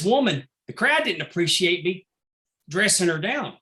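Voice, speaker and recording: Bright-voiced man telling wrestling stories. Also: high voice, moderate pace. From Texas. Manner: animated anecdotal storyteller, acts out quotes. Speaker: wrestling referee guest. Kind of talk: casual storytelling interview.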